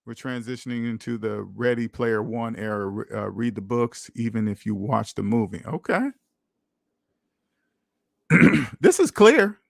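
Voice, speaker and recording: A man's voice: medium pitch, lively intonation, unhurried, vocal fry, long pauses, dry recording, clean studio sound. A man hosting a call-in money advice show, talking bluntly and preaching straight at his listeners in casual speech. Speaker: podcast host giving money advice.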